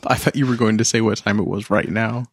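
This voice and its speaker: Dry-witted man, lowish voice. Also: steady tone, quick pace, gravelly, slightly rough, no room sound. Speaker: podcast co-host. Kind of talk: casual chat.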